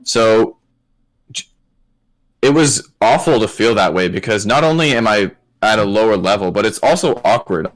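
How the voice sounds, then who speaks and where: A man from Canada with a low, deep voice co-hosts a casual podcast. He tells a story in a laid-back way and drops swear words freely. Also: expressive, moderate pace. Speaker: podcast co-host.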